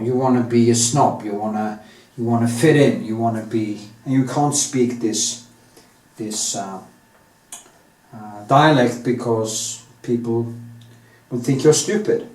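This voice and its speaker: A man with a Norwegian accent thinking out loud as he paints, rambling candidly with many restarts and drawn-out stretches. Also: medium pitch. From Norway. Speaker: artist. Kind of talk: casual monologue while painting. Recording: echoey room, mic set at a distance.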